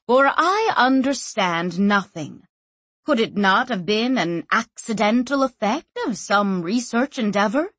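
A woman narrator voicing a composed, tired woman leader of a merchant house who speaks firmly and deliberately in an audiobook. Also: on the high side, lively intonation, fairly bright tone, no echo. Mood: measured. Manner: measured, firm and deliberate. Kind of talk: audiobook character voice.

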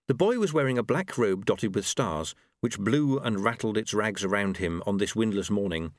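A man narrating an audiobook in a wry, expressive storytelling manner. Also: on the low side, no room sound, studio quality. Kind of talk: scripted narration.

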